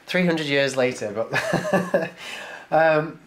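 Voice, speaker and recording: Slightly high and a bit bright, his voice draws out words as he hosts his channel, opening viewers' mail and reading it aloud. He's chatty and excited, laughs a lot, and addresses the camera in a casual way.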